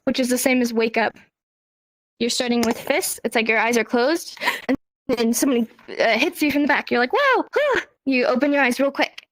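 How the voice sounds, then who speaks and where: A young woman casually explaining a sign language lesson and answering questions, acting out example lines with big rising pitch. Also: low-quality recording. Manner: chatty, acts out example dialogue with rising pitch.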